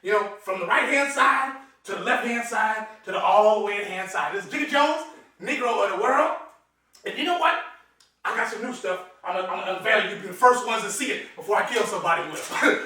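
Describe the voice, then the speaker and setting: A man with a very high, bright voice rattles off a brash, boastful, profane comedic monologue at a quick clip. He keeps chuckling between lines. The sound is roomy and echoey, with the mic set far from him and a faint hiss underneath. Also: lively intonation. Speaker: comedic host showing his knives.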